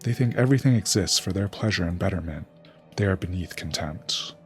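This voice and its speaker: A man's voice: sits low, expressive, a little fast, faint music behind. A man reading out a sly, scheming male raven king from a game's dialogue.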